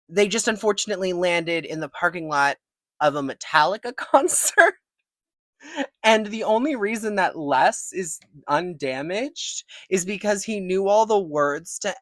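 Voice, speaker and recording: A young woman gives a casual movie recap, laughing often and swearing freely. Her voice sits a bit low but swings widely in pitch. The recording is dry and close. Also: no room sound. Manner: animated, laughing, profane. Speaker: movie reviewer.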